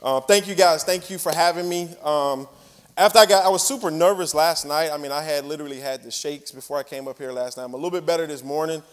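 A man from Mississippi with a Southern twang, a guest speaker giving a chatty, relaxed sermon. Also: fairly high pitch, fast. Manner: relaxed, chatty with laughs and fillers. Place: large church hall. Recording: hall reverb from a church stage.

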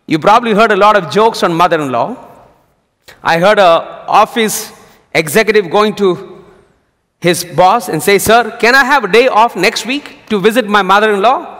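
Male pastor, high and animated, sermon in a church with long reverb. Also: normal speed. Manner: lively storytelling preacher. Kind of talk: sermon with jokes.

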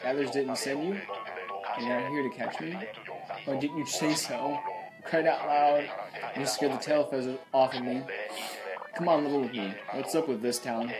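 A man reading the lines of a jittery male turkey in a video game, nervous and rambling, with loud game music behind him. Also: medium pitch, fairly even intonation, normal speed, long pauses, lightly acted, poor audio. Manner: nervous, rambling, reads game dialogue aloud.

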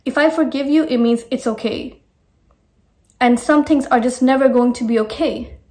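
A woman's voice: high voice, normal speed, darkish tone. A young woman hosting a talk video, giving frank, emphatic advice with plenty of swearing. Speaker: host. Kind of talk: blunt direct-to-camera advice.

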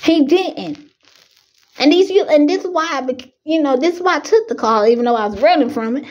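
A young woman preaches a fiery sermon in a bright, high voice. She grows emotional and pleads with herself not to cry, her passion climbing as she goes. The recording is dull and lo-fi, like a home setup. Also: a little fast. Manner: emotional, fighting tears, preaching with rising fervor. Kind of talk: impassioned preaching.

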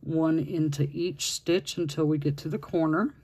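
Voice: medium pitch, fairly even intonation, moderate pace, a little mellow, husky. A crochet instructor talking through a project step by step, patiently counting stitches aloud while working. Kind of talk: step-by-step crafting tutorial.

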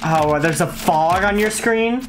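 A woman's voice: fairly low pitch, measured pace, background noise. A young woman playing a co-op game with a friend, talking casually and exclaiming at what happens on screen. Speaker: gaming YouTuber. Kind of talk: casual gameplay chat.

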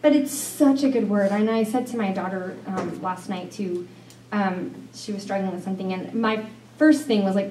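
A woman's voice: mid-range voice, moderate pace, dark tone, slight background noise. A middle-aged woman leading a women's Bible study, talking in a chatty, rambling way with fillers and restarts. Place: church meeting room. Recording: echoey room from far off.

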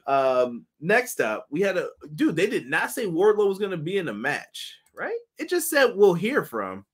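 A man hosting a casual wrestling review chat, animated and joking, with a slangy manner. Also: high voice, moderate pace, husky. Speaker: podcast host.

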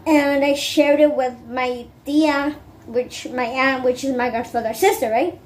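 High-voiced woman rambling through a vlog. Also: steady tone, unhurried. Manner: rambling, many fillers and asides. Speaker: vlogger. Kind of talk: casual chat to camera.

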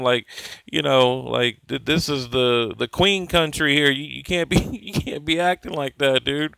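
A man's voice: fairly high pitch, normal speed, vocal fry, fairly bright tone, smooth, no room sound, poor audio. A man hosting a boxing channel, chatting casually and rambling with lots of fillers. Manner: rambling, laid-back, many fillers, chuckles. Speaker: boxing YouTube host. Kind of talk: casual fight commentary.

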